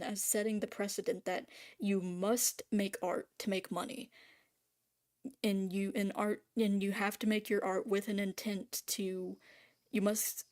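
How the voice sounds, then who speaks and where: A woman's voice: medium pitch, a little mellow. Rambling, profane woman ranting. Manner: rambling, profane, many restarts and trailing-off fillers. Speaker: artist ranting on camera. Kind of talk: casual spoken rant.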